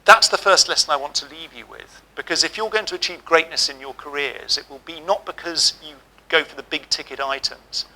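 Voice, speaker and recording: Bright-voiced man giving a speech. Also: a little high, fairly quick, rough recording. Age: middle-aged. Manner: storytelling, humorous, direct advice. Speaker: ceremony speaker. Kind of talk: ceremony address with anecdotes. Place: lecture hall.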